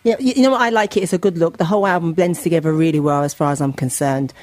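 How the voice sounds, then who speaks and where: A woman's voice: fairly low pitch, very fast, a little mellow, dry recording. An English woman hosting a radio interview, playful and teasing, laughing easily as she chats. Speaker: radio host. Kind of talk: casual radio interview chat.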